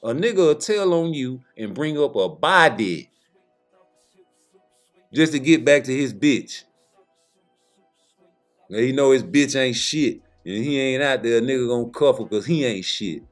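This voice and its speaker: A man delivering a casual vlog monologue, blunt and profane, in a mid-range voice. Faint music runs quietly behind him. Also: medium pitch, expressive, measured pace, pauses often. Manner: blunt, profane street talk. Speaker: vlogger.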